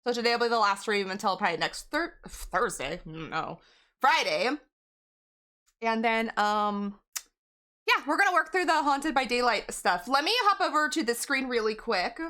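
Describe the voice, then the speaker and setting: A woman's voice: on the high side, animated, moderate pace, pushed and bright. A woman game streamer in casual live-stream chat, rambling and giggling as she talks to her viewers.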